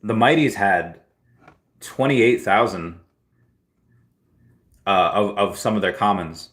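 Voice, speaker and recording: A man's voice: lowish voice, slow, fairly bright tone. A man hosting a casual livestream, rambling through chat questions and often restarting and repeating words. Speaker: livestream host answering chat.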